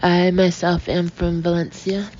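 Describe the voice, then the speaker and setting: A woman voicing a smooth-talking male escort-agency owner, pressing a caller with eager sales patter in an audiobook. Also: on the low side, level tone, measured pace, darkish tone, close to an everyday voice. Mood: gushing. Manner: gushing, persuasive sales patter. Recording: dull lo-fi audio with faint hiss.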